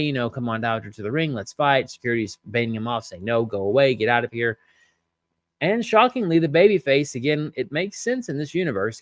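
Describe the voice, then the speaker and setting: A man's voice: mid-range voice, no echo, clean studio sound. A man hosting a podcast, casually recapping and commenting on a wrestling show, chatty with many fillers and reading out viewer comments. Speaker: podcast host reviewing wrestling.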